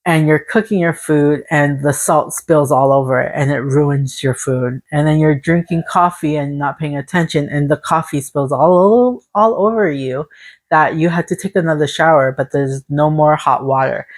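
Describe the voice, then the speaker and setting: A woman's voice: deep voice, moderate pace. A woman giving a casual spiritual tarot reading to her viewers. She sounds encouraging and speaks in long, repetitive lists. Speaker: tarot reader.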